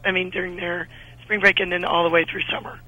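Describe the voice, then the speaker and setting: A woman in her thirties, an actress chatting as a guest in a radio interview, animated and prone to restarts. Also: fairly low pitch, fast, rough recording. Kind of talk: casual radio interview chat.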